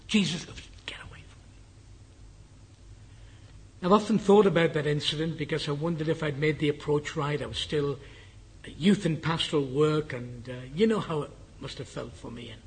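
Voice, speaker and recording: Earnest older English preacher, husky voice. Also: male voice, a little high, brisk. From England. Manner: earnest, drops to a hushed whisper for the dying man's words. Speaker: guest preacher. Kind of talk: sermon with a personal story.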